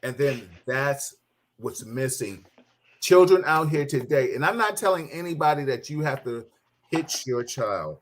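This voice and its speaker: A man's voice: mid-range voice, animated, unhurried. A middle-aged man hosting a casual talk show, telling stories animatedly, laughing and mimicking people. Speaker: host.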